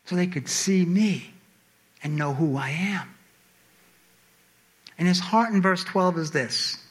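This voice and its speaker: A man preaching a sermon to a congregation, reading scripture and asking the room questions, swinging from emphatic pleas to quiet asides. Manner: animated, rising to emphatic high pleas then dropping low.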